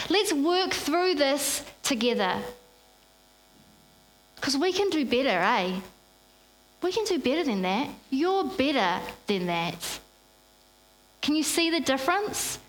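A woman's voice: high-pitched, a bit bright. A woman preaching a sermon at a church service, drawing the congregation into call-and-response. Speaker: pastor.

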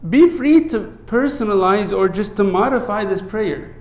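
Male priest, sermon, high voice, roomy echo, earnest, quiet prayer recitation. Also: animated, a little slow. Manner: earnest, asks many rhetorical "right?" checks; drops low and soft when reciting the prayer.

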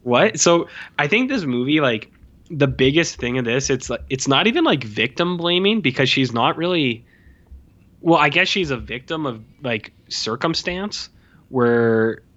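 A man talks through a film in loose, casual chat, full of fillers and quick impressions of the characters. His voice is bright and forward. The recording is slightly dull and lo-fi. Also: mid-range voice. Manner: rambling, many fillers, animated quoting of characters.

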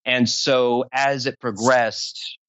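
A man's voice: mid-range voice, level tone, takes it slowly, fairly bright tone, dry recording, lo-fi sound. A man being interviewed about voice acting, talking at length in a rambling, self-deprecating way. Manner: rambling, long-winded, self-deprecating humor. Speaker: voice actor interview guest. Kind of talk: casual interview talk.

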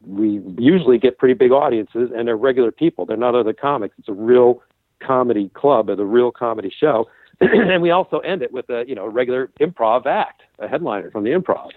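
Fast-talking man on a tinny line. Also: mid-range voice, lively intonation, no room sound. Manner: brisk storyteller who acts out quoted students. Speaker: podcast guest, comedy coach and author. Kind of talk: casual interview chat. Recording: tinny phone-like remote line.

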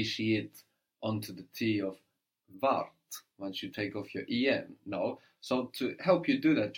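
Patient male tutor coaching a student step by step, frequent "no?" check-ins. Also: lowish voice. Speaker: language teacher. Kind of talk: one-on-one German lesson.

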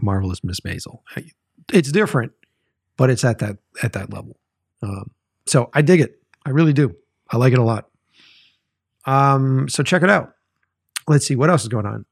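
A man's voice: mid-range voice, moderate pace, pauses often, no room sound, clean studio sound. A man hosting his own podcast, chatting casually in a rambling, profane way full of fillers. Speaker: podcast host. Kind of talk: casual solo podcast chat.

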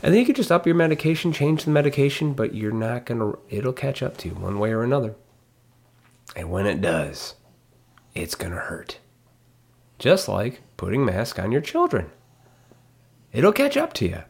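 A man's voice: mid-range voice, big pitch swings, moderate pace. A man ranting bluntly in a casual monologue, swearing freely and mocking others in put-on voices. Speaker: commentator.

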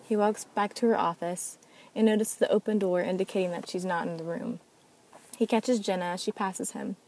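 A woman's voice: mid-range voice, steady tone, normal speed, a little mellow, poor audio. A woman narrating an amateur audio drama and reading every part herself. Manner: reads all parts herself. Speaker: narrator and sole reader.

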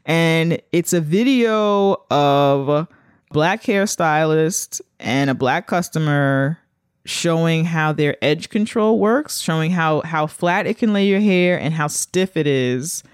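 A woman's voice: low-pitched, slow, smooth, no echo. A woman co-hosts a podcast in casual chat, talking in long, rambling runs. She leans hard on her points with plenty of emphasis. Her voice sounds close and dry. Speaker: podcast co-host.

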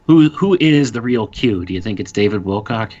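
A man's voice: fairly low pitch, animated, normal speed, a little mellow. A man in casual podcast talk, asking questions and teasing the others. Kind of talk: casual chat. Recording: dull lo-fi sound.

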